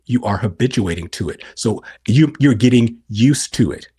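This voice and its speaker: A man's voice: mid-range voice, lively intonation, normal speed, mellow, breathy edge. A middle-aged man on a podcast explaining scripture, asking and answering his own questions. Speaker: podcast guest.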